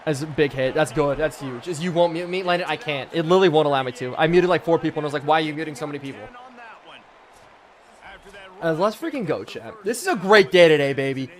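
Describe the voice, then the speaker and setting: Hoarse hyped young man streaming. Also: fairly high pitch, lively intonation, quick pace, few pauses. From Pennsylvania. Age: 20s. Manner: hyped, chatty, shouting out viewers. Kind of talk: live game-stream commentary.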